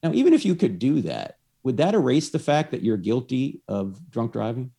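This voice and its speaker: A man's voice: mid-range voice, very animated, moderate pace, gravelly, mellow, slightly rough. A man explaining his faith to one listener through a story, acting out the lines of the people in it. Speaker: evangelist.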